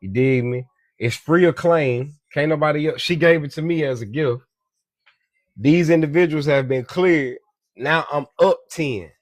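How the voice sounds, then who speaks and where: In clean studio sound without echo, a man with a slightly high voice preaches casually and profanely about money as a social media commentator. He often calls listeners "beloved" and repeats "you dig me."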